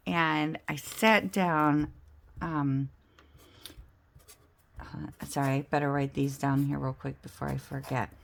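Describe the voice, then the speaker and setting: A woman vlogging at home, telling a self-mocking story in a chatty, animated way while playing a game. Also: low-pitched, slow, vocal fry, long pauses. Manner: chatty, self-mocking, animated storyteller who acts out the other people's lines. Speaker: budget and game-night vlogger.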